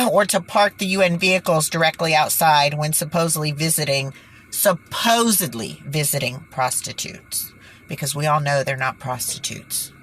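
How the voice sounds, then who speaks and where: Low-voiced exasperated woman vlogging. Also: moderate pace, fairly bright tone, a little hiss or hum. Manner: exasperated, sighing, stumbles over words. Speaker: channel host. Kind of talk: indignant vlog commentary.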